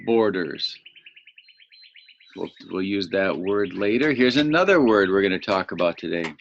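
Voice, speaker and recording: A man with a fairly low voice and some vocal fry teaches young children vocabulary, patiently repeating each word so they can say it back. He's at home, with birdsong nearby, and the recording sounds slightly dull and muffled.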